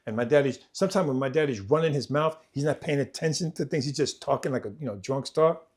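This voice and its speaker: Guy telling his life story on a podcast, normal pitch, repeats himself, goes loud then real quiet. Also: fast talker, hardly any pauses. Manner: vivid, repetitive retelling that acts out family members' voices; swings between loud, animated stretches and quiet, low passages. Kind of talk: personal storytelling in conversation.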